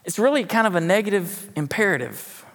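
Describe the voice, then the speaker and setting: A man's voice: sits high, big pitch swings, a little fast, a bit bright, big-room sound. A man preaching a sermon in a folksy, conversational way with joking asides. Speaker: pastor. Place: church sanctuary.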